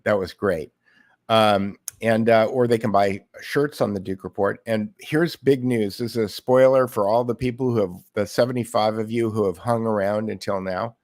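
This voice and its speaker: A man hosting an online talk show, chatty, with halting restarts as he plugs his site. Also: fairly low pitch, fairly even intonation, a little mellow, no room sound, clean studio sound. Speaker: host. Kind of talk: casual online show chat.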